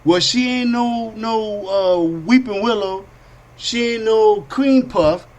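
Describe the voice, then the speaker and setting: A man hosting a podcast, telling an animated parable in street slang, swinging between high whiny character voices and low asides. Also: takes it slowly. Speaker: podcast host. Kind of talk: storytelling monologue.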